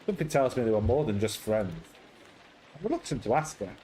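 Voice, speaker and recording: A man reads a story game aloud and cracks playful asides, his pitch moving around a lot. A faint background hum sits under his voice. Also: big pitch swings, fairly quick, dark tone, rough recording. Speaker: let's play host.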